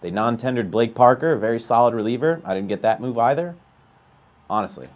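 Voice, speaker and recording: A man playing a baseball video game live, chatting with viewers and ranting with a voice that climbs high when he gets outraged. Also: a little fast. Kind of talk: live gameplay commentary and chat.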